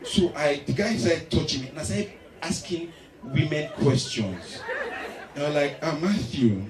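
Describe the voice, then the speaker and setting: Male stand-up, lively swinging delivery; live hall, echoey and distant, crowd laughing. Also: on the high side, measured pace. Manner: animated storytelling with acted voices. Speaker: stand-up comedian. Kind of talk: stand-up comedy. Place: live comedy stage.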